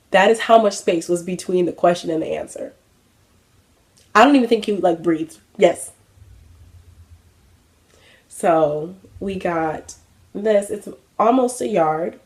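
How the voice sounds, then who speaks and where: Low, gravelly woman chatting casually. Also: darkish tone. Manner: chatty, self-mocking, many fillers. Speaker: craft vlogger. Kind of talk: casual chat.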